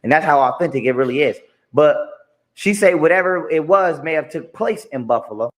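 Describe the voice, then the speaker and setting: In a played clip, a man with a fairly high, expressive voice rants emphatically about his own experiences, talking a little fast. His monologue is repetitive and full of frequent swearing.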